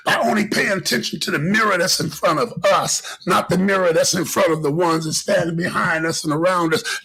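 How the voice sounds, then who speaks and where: A middle-aged man hosts a podcast, riffing in an animated, preachy way and circling back over his points. His voice is high, very gravelly and husky, with a bright, forceful edge, and it swings widely in pitch. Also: poor audio. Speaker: podcast host. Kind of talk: casual podcast monologue.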